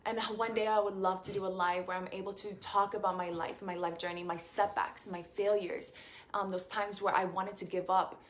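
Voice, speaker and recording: A woman's voice: medium pitch, flat delivery, moderate pace, a little hiss or hum. A young woman from Puerto Rico, a beauty queen answering fan questions in a casual live stream, effusive and grateful, with many fillers and restarts.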